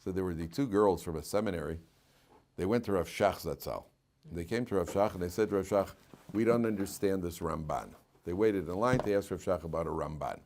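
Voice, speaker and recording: A man, a rabbi teaching a lively class and telling stories, laughing often and repeating himself. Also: low voice, brisk.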